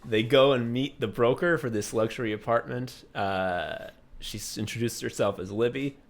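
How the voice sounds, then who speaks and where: A man's voice: mid-range voice, moderate pace, vocal fry. A man co-hosting a casual comedy podcast, retelling scenes eagerly, laughing often and swearing casually. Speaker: podcast co-host.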